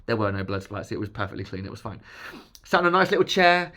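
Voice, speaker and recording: Bright-voiced, jokey man. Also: on the low side, sing-song, fast talker. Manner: jokey, self-mocking, chatty with laughs. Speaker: vlogger sharing his health journey. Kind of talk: casual storytelling to camera.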